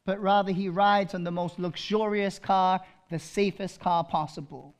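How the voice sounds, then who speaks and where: A male pastor preaching a sermon, swinging from loud proclaiming to hushed intensity and repeating phrases for emphasis. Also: high-pitched, fairly even intonation, normal speed, smooth.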